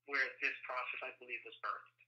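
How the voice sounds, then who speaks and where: A man, a guest speaker, telling a personal story in an interview, halting and full of fillers and restarts. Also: medium pitch, fairly even intonation, sharp tone, low-quality recording.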